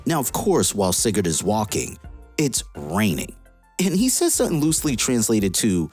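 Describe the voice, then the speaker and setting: Deep, lively comic book reviewer. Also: female voice, moderate pace, breathy edge, soft background music. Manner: excited, slangy retelling. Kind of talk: casual comic recap.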